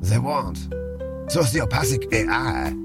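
A man's voice: medium pitch, sing-song, takes it slowly, voice pushed down. A man putting on a snooty French waiter. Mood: fussy. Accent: put-on French. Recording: music playing behind.

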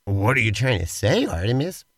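A man's voice: lowish voice, big pitch swings, normal speed, a bit bright, dry recording. A man co-hosting a comedy podcast, narrating an improvised role-play in a playful, theatrical way.

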